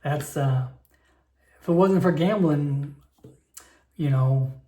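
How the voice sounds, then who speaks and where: A man's voice: on the high side, slow, dark tone. A man playing a solo tabletop game and narrating it in a rambling, chatty way, full of fillers and restarts, recorded in an echoey room.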